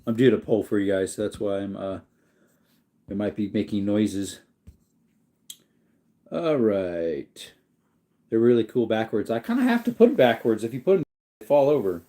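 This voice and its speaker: Mellow-voiced sleepy man chatting casually. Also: on the low side, unhurried, pauses often. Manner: relaxed and rambling, reading comments aloud. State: sleepy, yawning. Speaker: livestream host reading viewer chat. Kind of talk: casual chat.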